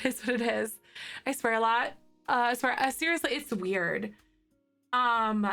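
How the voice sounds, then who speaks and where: A woman in her thirties chatting with live viewers in a bubbly, rambling, giggly way. Her voice is slightly hoarse from morning throat. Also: a little high, measured pace, pushed and bright, faint music behind. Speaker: livestreamer. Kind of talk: casual chat with live viewers.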